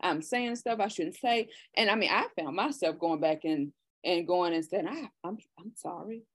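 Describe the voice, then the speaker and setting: A woman's voice: on the low side, normal speed, dry recording. A middle-aged woman hosting a casual talk show, speaking earnestly and often restarting her sentences. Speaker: podcast host. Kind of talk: casual conversation.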